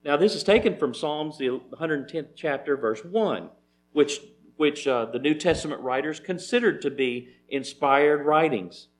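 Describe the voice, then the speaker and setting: A man's voice: on the high side, animated, unhurried. A man giving a methodical Bible teaching, citing chapter and verse with frequent restarts and fillers.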